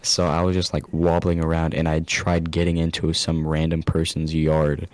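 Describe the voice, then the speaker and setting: Young man, casual podcast co-host. Very low voice, dry close mic. Laughs and swears a lot. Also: monotone, moderate pace, darkish tone, no echo. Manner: laughs often, swears a lot, jumps into high squeaky voices when quoting himself. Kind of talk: casual storytelling chat.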